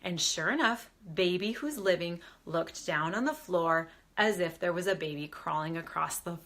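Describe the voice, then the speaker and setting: A woman medium tells a story in a casual, chatty way. She speaks to a live audience in a somewhat low voice and keeps the telling lively. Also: moderate pace. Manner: chatty, lively retelling with quoted voices and laughs. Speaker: medium and spiritual advisor.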